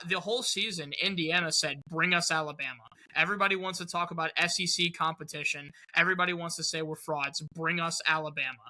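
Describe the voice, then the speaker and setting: Man, podcast co-host, chatty, stumbles over the start of thoughts, very bright tone, fairly high voice. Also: low-quality recording. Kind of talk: casual sports podcast chat.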